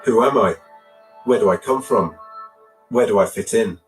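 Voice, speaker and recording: A man giving scripted documentary narration in a lively storytelling manner. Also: fairly low pitch, normal speed, music in the background. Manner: lively, even storytelling delivery.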